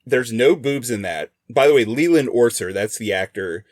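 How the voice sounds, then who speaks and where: A man's voice: medium pitch, expressive, normal speed, a little mellow, no room sound, studio quality. A man co-hosting a film podcast, chatting casually and enthusiastically, laughing often as he tells long stories. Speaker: podcast co-host.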